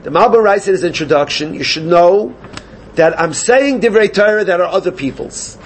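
A man teaching a Gemara class, animated and questioning his students. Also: sits high, moderate pace, a little hiss or hum. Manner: animated, questioning students, mixes Yiddish and Hebrew terms. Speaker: Talmud teacher.

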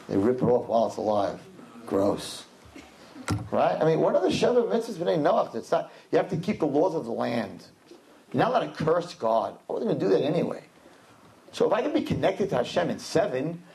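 A man's voice: a little high, creaky. A man speaking as a rabbi, giving a humorous sermon and acting out the people in his stories. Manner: animated storyteller, acts out voices in quotes.

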